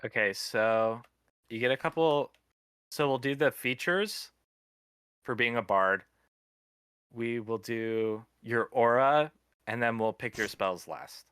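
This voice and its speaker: A man's voice: mid-range voice, slow, pauses often, a bit bright, smooth, no room sound, clean studio sound. A man casually explaining game rules, walking through the steps one by one.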